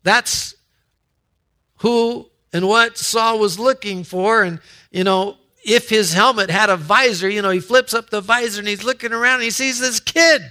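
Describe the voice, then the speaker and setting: A man preaching a sermon as a pastor, telling a story with asides and halting restarts. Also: high voice, sharp tone.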